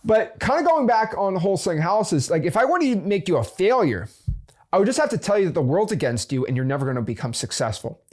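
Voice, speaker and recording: The host of a real estate investing channel speaks straight to camera about business in a casual motivational style, his slightly mellow voice swinging widely in pitch at a quick pace. Playing devil's advocate, he leans on fillers like "right?" and restarts sentences mid-thought.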